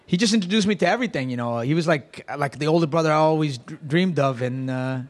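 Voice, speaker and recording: A man's voice: on the high side, fast talker. A man, a guest in an interview, telling stories in a rambling, self-mocking way with many restarts. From Queens, New York. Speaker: guest, comedic performer. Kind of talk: casual interview talk.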